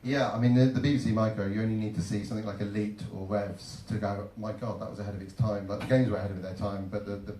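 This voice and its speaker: A middle-aged man speaking on a live panel as a game developer, relaxed and reminiscing, sometimes repeating a word as he starts a thought. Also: on the low side, fast talker, hardly any pauses, a little hiss or hum. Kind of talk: live panel talk to an audience. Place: event hall at a game arcade. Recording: echoey hall, voice from far off.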